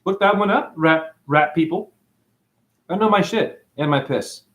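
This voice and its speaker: A man hosting an online show, rambling through playful wordplay in a sing-song way, with sudden high whoops and drawling asides. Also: unhurried, fairly bright tone, a little hiss or hum. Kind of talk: rambling livestream monologue.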